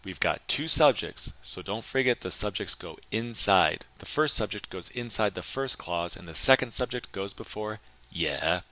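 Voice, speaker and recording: A man teaching a recorded Chinese grammar lesson, explaining in English and slowly modeling sentences in Chinese. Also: lowish voice, lively intonation, bright, forceful tone, no room sound.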